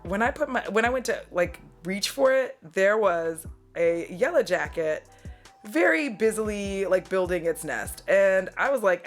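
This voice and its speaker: A woman's voice: medium pitch, measured pace, soft background music. A woman who works as a mail carrier, telling a casual, profane story with frequent laughs. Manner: animated, profane, laughs often.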